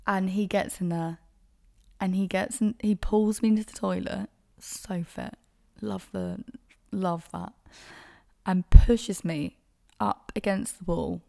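A young woman hosting a podcast, telling a dating story in a frank, sweary, animated way. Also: mid-range voice, slow pace, creaky, long pauses. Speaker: podcast host. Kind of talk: casual solo storytelling.

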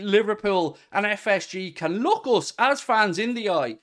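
A man in his forties hosting a football fan podcast, talking in a frustrated, swearing rant with sudden loud outbursts. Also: sits high, lively intonation, a little slow. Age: 40s. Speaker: podcast host.

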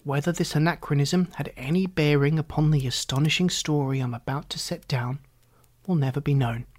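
Measured literary audiobook narrator. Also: medium pitch, darkish tone. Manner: measured, formal storytelling.

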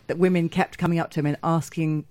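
A woman with a lowish voice joins a studio podcast as a TV critic. She is blunt and salty, laughing often. The sound is dry and close. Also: fairly even intonation, fast talker, a little mellow, no room sound. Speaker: TV critic guest. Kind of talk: casual chat.

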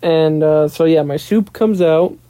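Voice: medium pitch, measured pace, mellow, dry recording. A young adult podcast host telling a long casual story alone, rambling and profane, with lots of "blah, blah, blah". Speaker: podcast host and pilot in training. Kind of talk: casual solo storytelling monologue.

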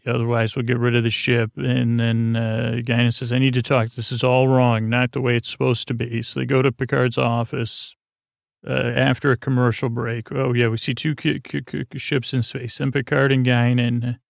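Halting, gravelly man recapping an episode. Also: medium pitch, flat delivery, dry recording. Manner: rambling, halting, lots of fillers and restarts; paraphrases characters in a loose, jokey way. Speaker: podcast host retelling an episode. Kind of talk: soft-spoken bedtime recap.

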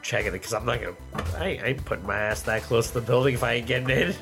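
A man's voice: mid-range voice, rapid-fire, gravelly. Rambling male player, faint music. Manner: rambling, lots of fillers. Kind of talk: casual game chat.

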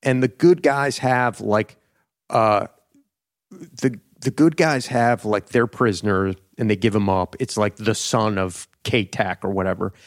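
A man's voice: on the low side, a little slow, dry recording. Dry-voiced rambling male podcast host. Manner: rambling and profane, full of "like". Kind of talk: casual chat.

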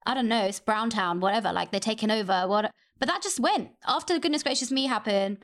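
A woman's voice: on the high side, brisk. A woman in her thirties talking bluntly and emphatically as a podcast host. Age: 30s. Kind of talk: casual chat.

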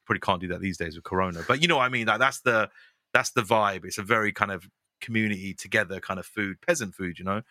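A young man, chatting casually as a podcast guest, animated and quick, often laughing. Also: fairly low pitch, dry recording. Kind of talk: casual chat.

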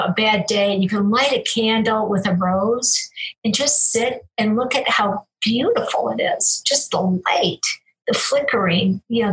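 A woman's voice: mid-range voice, a bit bright, poor audio. Woman, ex-hospital chaplain, conversational guest; sincere, spiritual, rambling delivery. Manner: earnest, spiritual, meandering with frequent restarts. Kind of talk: casual conversational storytelling.

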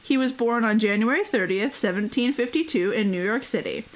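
A woman's voice: fairly high pitch, a little fast. Giggly woman hosting a history podcast. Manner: chatty, laughs often, many fillers. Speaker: podcast host. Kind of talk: casual history podcast chat.

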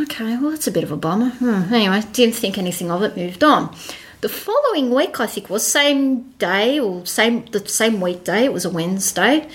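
A woman, a podcast guest chatting through a personal story and acting out the voices in it. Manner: chatty, acts out voices in her story with quick pitch jumps. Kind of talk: casual storytelling.

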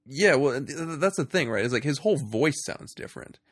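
A man riffs through a casual movie podcast with a wry, jokey manner. His voice has a gravelly edge. The sound is dry and close, with no room around it. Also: medium pitch, animated, a little fast, no room sound. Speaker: podcast host.

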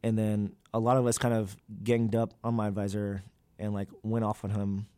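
A man's voice: fairly low pitch, flat delivery, normal speed, mellow, clear, resonant tone, no room sound. A young man, a graduate student, talking candidly in an interview, with many fillers and loose, rambling sentences. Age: young adult.

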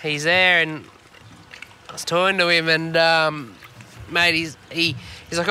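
A man's voice: a little high, steady tone, a little slow, sharp tone, slight background noise. An Australian man co-hosting a fishing podcast from a boat, chatting casually in a laid-back, rambling way and swearing freely. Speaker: podcast co-host. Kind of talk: casual chat. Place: on a boat on the water.

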